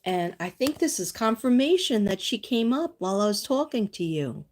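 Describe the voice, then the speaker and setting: A woman's voice: mid-range voice, very animated, normal speed, darkish tone. Chatty woman giving a psychic livestream reading. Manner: chatty, reassuring, drifts off on tangents; reads from oracle cards and speaks to viewers by name.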